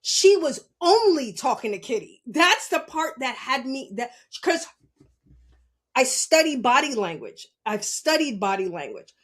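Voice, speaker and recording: A young woman with a high voice tells a story in a casual, animated rant. She is blunt, swears freely and keeps turning to the listener with rhetorical questions, like a podcast host talking straight to her audience. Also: a little slow.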